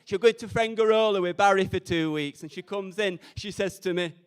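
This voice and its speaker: A man's voice: high-pitched, brisk, hardly any pauses, clear, resonant tone. A young man, doing cheeky, camp, self-deprecating stand-up at an open mic night. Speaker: stand-up comedian. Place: community radio open mic event.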